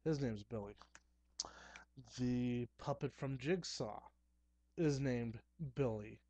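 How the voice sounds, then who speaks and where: A young man talking casually to camera at home, chatty and excitable, with playful asides. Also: mid-range voice, takes it slowly, no echo. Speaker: horror movie vlogger. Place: dim room at home.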